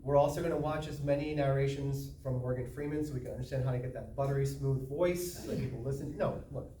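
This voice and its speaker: A man's voice: mid-range voice, quick pace, mellow. A man presenting a speaking-skills training talk to a small group, conversational and joking but earnest. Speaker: workshop presenter. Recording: echoey room, from far off, background noise.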